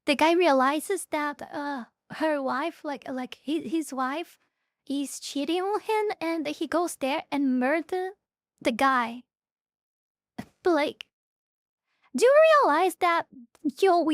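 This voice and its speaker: Woman streamer, very high voice, casual live reaction talk, blunt, profane, stumbling repeats. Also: slow pace, dry recording, studio quality. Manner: blunt, heated, swears a lot, repeats words.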